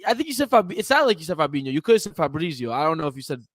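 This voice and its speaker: High-voiced young man, animated sports talk. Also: rapid-fire, no room sound, studio quality. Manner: animated, rambling, self-interrupting. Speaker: podcast co-host. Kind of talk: casual sports chat.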